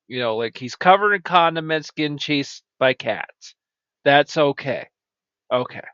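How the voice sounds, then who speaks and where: A man hosting a comedy show who rambles, stammers and jumps into high-pitched exclaims. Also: a bit bright, smooth, dry recording. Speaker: show host. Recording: dry, dull lo-fi mic.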